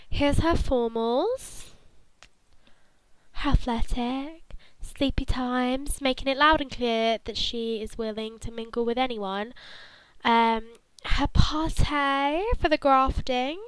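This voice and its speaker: A woman's voice: high-pitched, dry recording, low-quality recording. A woman hosting her gaming channel, giving chatty, jokey commentary with flustered asides as she introduces characters. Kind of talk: casual gameplay commentary.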